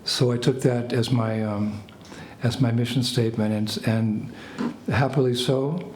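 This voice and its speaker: An older American man, a spiritual teacher, telling a lively story to a small group. He laughs and acts out phrases as he goes. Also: medium pitch, measured pace. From United States. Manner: animated anecdotes, laughs, acts out French phrases. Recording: echoey room with faint ambient noise.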